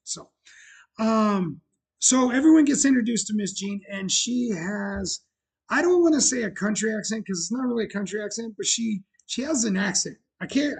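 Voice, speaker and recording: A man's voice: high-pitched, creaky, slightly rough. A man hosting his own livestream show, telling a rambling story in casual chat with many fillers and restarts. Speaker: bar owner and show host.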